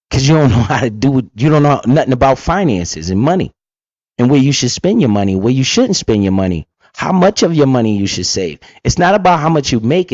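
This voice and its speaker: A man's voice: medium pitch, darkish tone, dry recording, highs cut off. A man giving blunt, profane, casual commentary while reacting to an interview, full of asides and storytelling.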